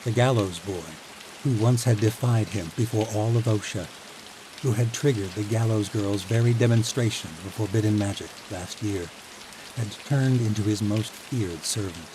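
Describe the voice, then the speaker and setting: A man narrating a fantasy audiobook in a calm, even storytelling manner. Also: on the low side, moderate pace. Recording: steady rain noise behind voice.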